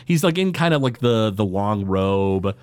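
A man's voice: on the low side, expressive, measured pace, a little mellow, clean tone, dry recording. A man co-hosting a podcast, rambling through an episode recap with lots of filler words. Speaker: podcast co-host. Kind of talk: casual recap chat.

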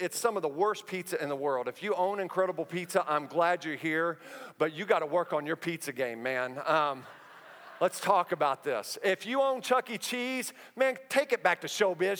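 A man in his thirties preaching a sermon as pastor, telling stories in a humorous, conversational way with quick asides. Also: high voice, a bit bright. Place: church auditorium. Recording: long reverb of a large hall.

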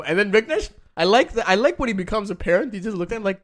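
A man's voice: sits high, fast, few pauses. A man co-hosting a casual podcast, telling a travel story with lots of swearing and acted-out quotes. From Canada. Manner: animated, swearing, acts out quotes. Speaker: podcast co-host.

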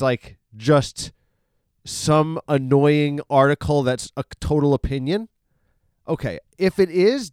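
A man's voice: fairly high pitch, smooth, no room sound, studio quality. A man hosting a casual solo podcast, rambling and swearing freely, full of fillers and self-corrections. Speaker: podcast host. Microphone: studio podcast microphone.

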